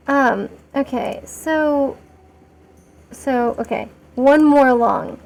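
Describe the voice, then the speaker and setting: A woman streamer with a high voice talks through her game in a loose, rambling way. She keeps poking fun at herself and gets excited easily. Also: very slow, creaky. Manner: rambling and chatty, talking to chat while playing; self-mocking and excitable. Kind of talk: casual live-stream commentary.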